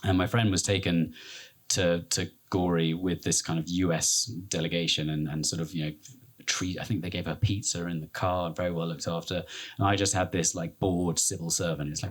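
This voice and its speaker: A low-pitched man from Britain tells a long adventure story as a guest in a live interview. He rambles with false starts and puts on voices for the people he quotes. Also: fairly even intonation, brisk. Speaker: explorer and podcast guest.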